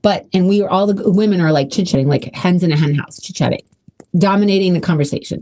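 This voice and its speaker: A woman's voice: fairly low pitch, quick pace, dark tone. A woman hosting her own podcast, talking casually and emotionally with many restarts. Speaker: podcast host. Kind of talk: casual solo podcast talk.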